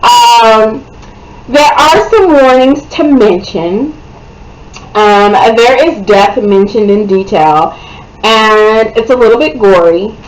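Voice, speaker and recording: A woman giving a casual, animated book review, chatty and often checking in with her listener. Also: a little high, takes it slowly, slight background noise, low-quality recording. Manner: chatty, animated, keeps asking "okay?".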